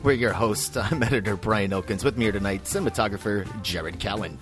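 A man's voice: fairly low pitch, fairly quick, over music. A man hosting a film podcast, joking around in casual chat. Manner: joking, lively. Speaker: podcast host, film editor.

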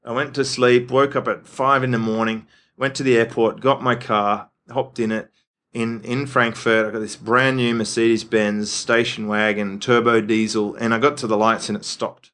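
A man's voice: mid-range voice, little pitch movement, moderate pace, a bit bright. Rambling Australian man telling stories. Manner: rambling storyteller, filler-heavy. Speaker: podcast co-host. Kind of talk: casual chat.

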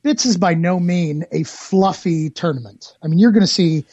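A man organizing a tournament, talking it through in a measured, explanatory way in casual conversation. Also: sits high, darkish tone, husky, no echo, dull audio. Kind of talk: casual chat.

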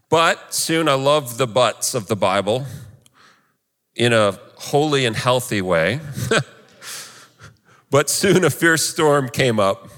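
A man's voice: mid-range voice, measured pace, fairly bright tone, in a large hall. A male pastor preaching a sermon in an earnest, conversational way.

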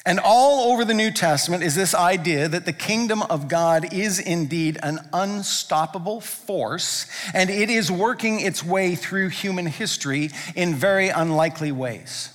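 A man's voice: high voice, fairly bright tone. A male pastor preaching a sermon in a church, talking conversationally and driving points home with emphatic repetition. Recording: long reverb from a large hall.

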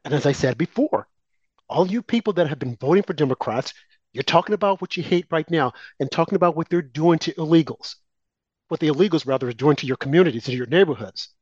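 A man's voice: a little high, fast talker, a little mellow, slightly rough, no room sound. A man co-hosting a political talk show, delivering emphatic, heated opinion commentary aimed at his co-host. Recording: dull, lo-fi and dry.

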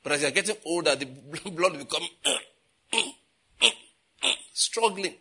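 A man's voice: on the high side, expressive, unhurried, pushed and bright, slightly rough. A man preaching a sermon, asking the congregation questions and answering them himself, with emphatic repetition. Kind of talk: sermon teaching.

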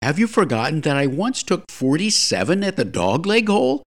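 A man's voice: fairly high pitch, big pitch swings, moderate pace, pitched above the performer's own voice. A man reading the part of an anxious, lovestruck young male golfer who speaks passionately and quaveringly.

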